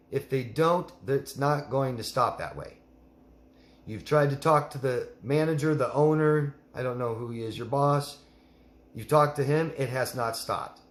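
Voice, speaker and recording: A man's voice: mid-range voice, roomy sound. A man coaching a listener in a live Q&A, blunt and emphatic, repeating her name as he gives advice. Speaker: life coach.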